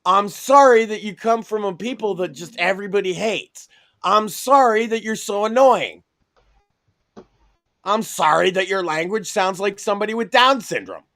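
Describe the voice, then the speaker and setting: A man's voice: high-pitched, normal speed, a bit bright. A man co-hosting a podcast, brash and profane, mocking people with put-on voices in crude comedic banter. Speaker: podcast co-host.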